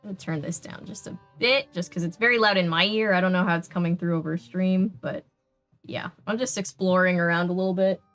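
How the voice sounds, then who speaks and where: A woman's voice: on the low side, fairly even intonation, fairly quick, a bit bright, faint music behind. A woman with a Southern US accent, chatting casually and laughing often while streaming a video game. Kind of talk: casual gameplay chat.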